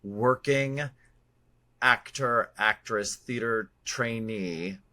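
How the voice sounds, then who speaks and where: Animated man with a bright voice. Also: medium pitch. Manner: animated, jokey, fast asides. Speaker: podcast co-host. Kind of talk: casual chat.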